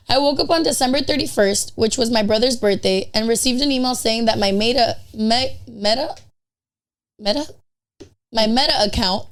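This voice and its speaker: Brief: woman podcast host, bit higher pitch, casual storyteller, reads a prepared anecdote. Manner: chatty, storytelling.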